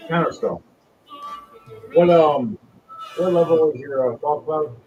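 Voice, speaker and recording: A man's voice: on the high side, slow, long pauses, highs cut off, faint music behind. A man narrating a tabletop game as its game master, telling the story with energy. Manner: animated storytelling.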